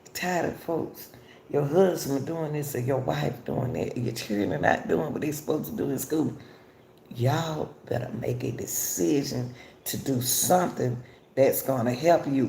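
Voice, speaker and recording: A woman's voice: low-pitched, a little slow, gravelly, warm tone, reverberant, a little hiss or hum. An older woman, hosting a casual talk for viewers and repeatedly addressing them as y'all. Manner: repetitive, chatty, addresses listeners as y'all. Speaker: host.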